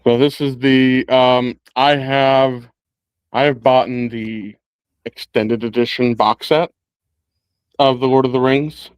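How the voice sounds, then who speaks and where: A man's voice: mid-range voice, flat delivery, takes it slowly, clear, resonant tone, no room sound, highs cut off. A man in a casual film discussion, rambling with many restarts and laughing along.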